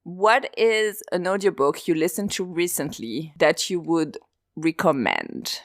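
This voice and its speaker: Woman, slight French accent, podcast host, casual, lowish voice, dry recording. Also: very animated, measured pace, dry recording. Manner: chatty, laughs easily. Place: home.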